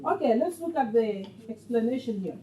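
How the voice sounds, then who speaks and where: High-voiced woman teaching an English class. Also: expressive, moderate pace, echoey room, distant mic, crowd noise, low-quality recording. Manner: patient, questioning, repeats phrases for learners.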